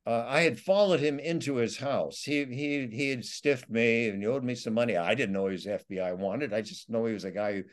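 Brisk and medium-pitched, with few pauses, the voice is a man's: an author interviewed as a guest. He tells his survival stories in a meandering way, restarting many times.

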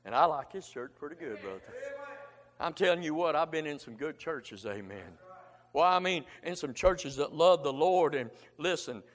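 Fervent preacher in echoing hall. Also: male voice, fairly high pitch, lively intonation, normal speed. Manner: fervent, colloquial, punctuated with frequent "amen". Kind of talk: emotional Baptist sermon. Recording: long hall reverb.

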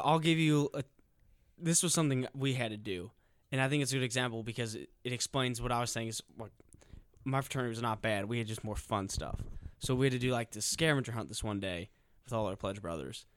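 A young man chatting casually on a podcast, hesitant and full of restarts. His voice sits at a middling pitch. The recording is dry and close, with no room sound. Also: brisk, no room sound. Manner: hesitant, restarts when put on the spot. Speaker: podcast co-host. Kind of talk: casual chat.

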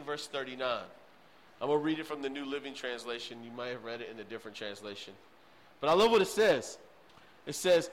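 A man preaching a sermon with emphatic repetition, often checking in with the audience, swinging between loud bursts and hushed pleading. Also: medium pitch, rough recording. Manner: emphatic and repetitive, addresses the crowd with "okay?".

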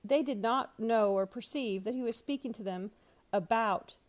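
Woman pastor reading the bible out loud, kinda high voice, expressive, throws in little comments. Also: normal speed. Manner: expressive, laughs while reading, adds lively asides.

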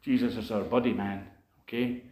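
A man's voice: on the low side, fairly even intonation, normal speed, darkish tone. Earnest man preaching in an echoey room. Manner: conversational, earnest storytelling with many asides. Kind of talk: sermon testimony.

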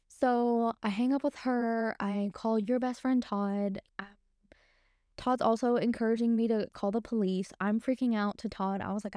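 A woman's voice: fairly high pitch, fairly even intonation, normal speed, a little mellow, clean tone, no echo, clean studio sound. A young woman co-hosting a podcast, casually and emotionally retelling a frightening night. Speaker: podcast co-host. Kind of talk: casual storytelling.

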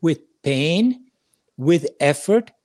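A man's voice: a little high, expressive, drawn-out words, a little mellow, dry recording, clean studio sound. A man teaching a scripture lesson in an earnest, explanatory way, repeating his key points as he goes.

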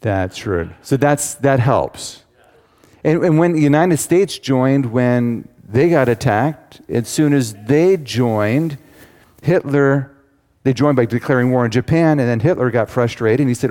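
A man's voice: medium pitch, animated, a little slow, a little mellow. A man teaching a Bible study to a live audience, in a conversational way with asides to the listeners. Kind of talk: sermon-style Bible teaching. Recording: long hall reverb.

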